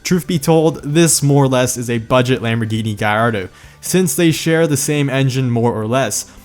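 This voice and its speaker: A man's voice: mid-range voice, normal speed. A man hosting a car video in scripted narration, joking and sarcastic, with a slight lisp from medicine. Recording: faint music behind.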